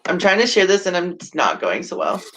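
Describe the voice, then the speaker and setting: A man's voice: sits high, wildly swooping pitch, brisk, pushed and bright, poor audio. A man hosting a casual live-streamed talk show, hesitant and rambling, with lots of fillers and the odd swear word.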